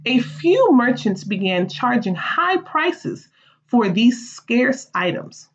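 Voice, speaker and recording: A woman teacher reading a play aloud for fourth graders, with expressive, animated delivery. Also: a little high, slow, highs cut off.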